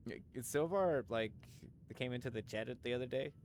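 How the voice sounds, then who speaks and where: Male streamer, mid-pitched, rambling and jokey, swears casually, faint room hum. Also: brisk, darkish tone. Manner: talks to chat, many fillers and restarts. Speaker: livestreamer. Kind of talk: casual live-stream chat.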